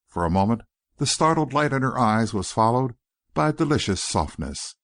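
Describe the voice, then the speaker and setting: Reading scripted audiobook narration, a man uses a medium-pitched voice and a measured, expressive delivery. The recording is dry and studio-clean.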